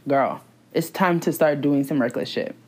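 A young woman in her twenties talks in a relaxed, gossipy chat. Her voice sits a little low, and she leaps up in pitch when she gets excited or laughs. She is playful and full of slang. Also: normal speed. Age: 20s. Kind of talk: casual chat.

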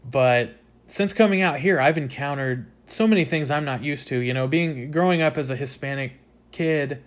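A man's voice: on the high side, moderate pace. Candid young man telling a story. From United States. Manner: candid, swears freely, animated retelling. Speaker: podcast host. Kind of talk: casual storytelling monologue.

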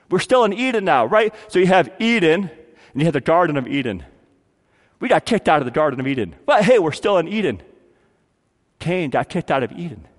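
A man preaching a sermon as pastor, acting out quotes and swinging between loud appeals and hushed lines. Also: high-pitched, long reverb tail.

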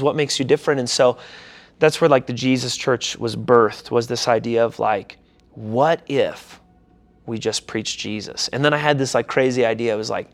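A young man, a pastor and church founder, telling his story in a casual interview, animated and slangy, acting out his own reactions. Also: mid-range voice, moderate pace.

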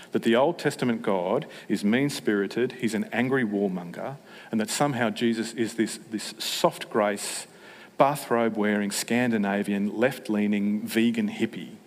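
A man preaching a sermon, humorous and self-mocking, with animated asides. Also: fairly low pitch. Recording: long hall reverb.

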